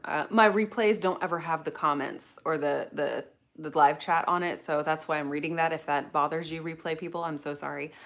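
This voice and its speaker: A middle-aged woman with a somewhat low voice hosts a relaxed livestream. She chats in a loose, rambling way, full of fillers and self-corrections as she answers her viewers. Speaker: channel host reading live chat. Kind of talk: casual livestream chat.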